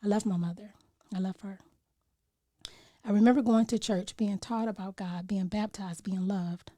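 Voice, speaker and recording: A woman's voice: medium pitch, fairly even intonation, moderate pace, dark tone, no echo. A woman on a podcast reciting a spoken-word poem in an earnest voice that sinks at times into near whispers. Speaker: podcast guest.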